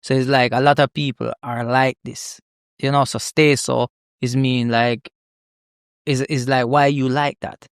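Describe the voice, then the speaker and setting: A young man with a Jamaican accent, a comedian chatting as a podcast guest, lively and quick to laugh, often repeating words as he thinks. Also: mid-range voice, clear, resonant tone, no room sound, studio quality. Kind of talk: casual interview chat.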